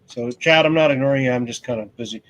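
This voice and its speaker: A man hosting a relaxed, joking hobby chat. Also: mid-range voice, quick pace, lo-fi sound. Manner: relaxed, joking, talks while unboxing. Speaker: host. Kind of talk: casual chat.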